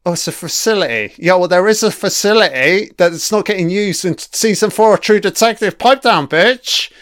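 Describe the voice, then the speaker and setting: A man's voice: high-pitched, fairly quick, dry recording, clean studio sound. A man giving a profane, sarcastic ranting commentary while watching a TV episode.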